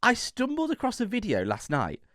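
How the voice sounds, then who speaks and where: A young man co-hosting a podcast, telling stories in a playful, animated way. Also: high-pitched, normal speed, dry recording, clean studio sound. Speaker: podcast co-host. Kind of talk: casual chat.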